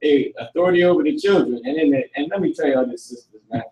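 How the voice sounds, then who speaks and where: Animated, profane man teaching a group. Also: fairly high pitch, fast talker, echoey room, distant mic, low-quality recording. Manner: animated, profane, laughs while talking. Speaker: teacher leading a group discussion. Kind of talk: casual group talk.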